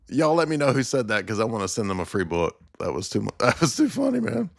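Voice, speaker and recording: Wildly animated man cracking up. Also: medium pitch, brisk. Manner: laughing uncontrollably, gasping for breath; animated, addresses chat as y'all. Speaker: live stream host reacting to clips. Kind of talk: casual live stream chat.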